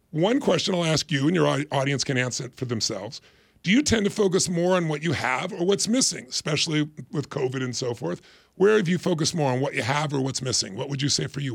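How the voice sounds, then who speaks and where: A man's voice: fairly high pitch, lively intonation, a little fast, vocal fry, slightly rough, no echo. A middle-aged man on a podcast explaining ideas emphatically and acting out little quoted voices. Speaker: guest, life strategist. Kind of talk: motivational explanation in interview.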